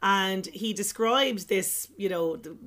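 A woman's voice: mid-range voice, fairly bright tone. Chatty woman hosting a film podcast. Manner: chatty and rambling, quick to laugh. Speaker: podcast host. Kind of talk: casual chat.

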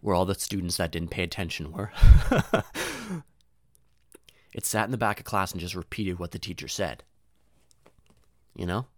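This young man's long, rambling comic story moves at normal speed with long pauses and a somewhat bright tone. The studio recording is clean, with no room sound. He swears a lot, leans on "dude" and "you know," restarts himself, and suddenly goes high-voiced to quote others.

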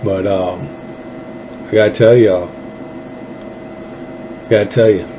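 A Texan man delivers a rambling, fervent political monologue in an unhurried, drawn-out way, often stopping to restart his sentences. A faint hiss of background noise sits under his voice. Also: on the low side, steady tone, dark tone, low-quality recording. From Texas. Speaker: show host.

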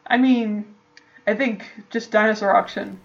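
A woman's voice: mid-range voice, steady tone, creaky, highs cut off. Teasing, skeptical woman in casual chat. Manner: teasing, skeptical, quick to laugh. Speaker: podcast co-host.

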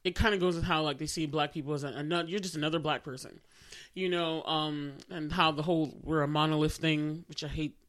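A woman co-hosting a casual chat about a TV series, animated, laughing often and acting out quotes. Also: low-pitched, a little fast. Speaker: podcast co-host.

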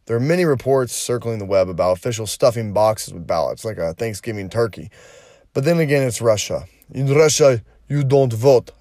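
A man's voice: medium pitch, mellow, no room sound. A man talks through the day's news in a loose, profane way, cracking jokes as he goes. His voice sits in an ordinary middle range. It is recorded dry and close, with no room sound. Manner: profane, blunt and joking. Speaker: podcast co-host. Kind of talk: casual news commentary.

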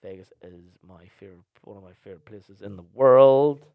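A man's voice: medium pitch, brisk, smooth, no echo, narrow, tinny audio. A young man, hosting a podcast and answering listener questions in a blunt, sweary, rambling way. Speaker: podcast host and DJ.

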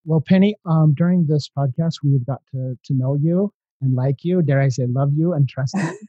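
Male podcast host, rambling conversational style with restarts; deep dark tone, slightly dull lo-fi audio. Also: moderate pace, no room sound. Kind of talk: casual interview chat.

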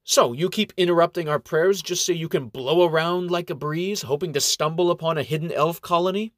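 A feisty little gnome monk with a quick temper and a sarcastic bite, as a man puts him on. He talks dry and close, with no room around the voice, and picks at everyone around him. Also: fairly high pitch, dry recording, pitched above the performer's own voice, lightly acted. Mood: heated. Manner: needling, sarcastic retorts. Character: tiny hot-tempered gnome monk, male, argumentative.

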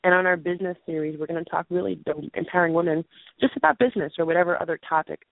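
Rapid-fire and low-pitched, a woman in her late twenties is losing her voice to hoarseness as she co-hosts a call-in show with a casual announcement. Earnest and rambling, she clears her throat and restarts sentences. The thin, tinny phone audio has no echo.

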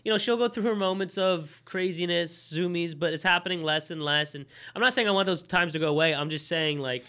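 A man's voice: a little high, fairly quick, bright, forceful tone. A young man co-hosting a podcast, bantering loosely and swearing as he chats with his friend. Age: young adult. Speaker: podcast co-host. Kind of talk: casual chat.

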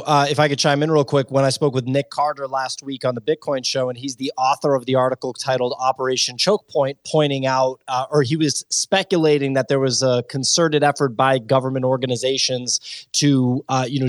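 Man, mid pitch, blunt emphatic panel talk, dry close sound. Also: no room sound. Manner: emphatic, blunt, casual swearing. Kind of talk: casual panel discussion.

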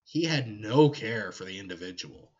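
A man's voice: on the low side, expressive, moderate pace, darkish tone, lo-fi sound. A man co-hosting a podcast, animatedly explaining a fictional universe's lore in casual chat with joking asides. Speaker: podcast co-host.

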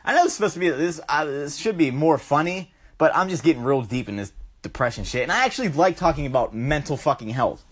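A man's voice: high-pitched, fairly bright tone. A man delivering an impassioned, swear-filled ranting monologue, constantly saying bro and dude. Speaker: vlogger.

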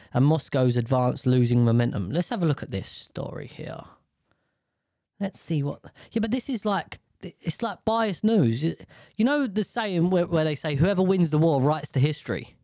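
Reading news stories aloud, a man trips over difficult words and rants about them, swearing a great deal in casual reaction commentary. His voice is mid-range and warm, captured in a dry, studio-quality recording.

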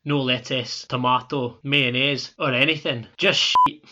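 A man's voice: medium pitch, fairly even intonation, a little slow, very noisy, lightly acted. A man playing a vengeful Scottish football manager. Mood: blunt. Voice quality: crude, blunt, grudging. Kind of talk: comedy sketch acting.

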